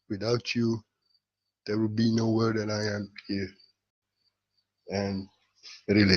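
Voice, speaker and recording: A man giving a gentle, rambling spiritual talk in halting, non-native English. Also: mid-range voice, lo-fi sound. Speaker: spiritual teacher.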